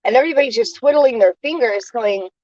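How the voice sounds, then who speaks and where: A woman vlogging a casual monologue, airing grievances in an indignant rant that stops and restarts in halting pauses. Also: on the high side, a little mellow, dull audio, a little hiss or hum.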